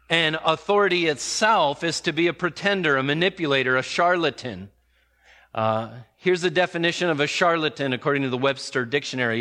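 A man preaching a sermon in an emphatic way, slowing and speeding up to stress points. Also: a little high, bright, forceful tone. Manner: emphatic, varies pace for emphasis. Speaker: pastor.

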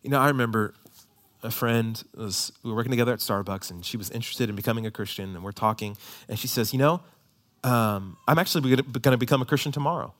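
A man in his thirties, a pastor preaching a sermon, swinging from loud emphasis to hushed near-whispers. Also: mid-range voice, fast talker.

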